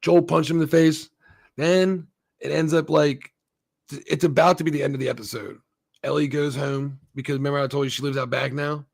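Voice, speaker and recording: A man's voice: fairly high pitch, fairly even intonation, brisk, gravelly. A man hosting his own show, recapping and reviewing a TV episode in a loose, rambling, profane way, often acting out the characters' lines. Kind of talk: casual solo recap and review.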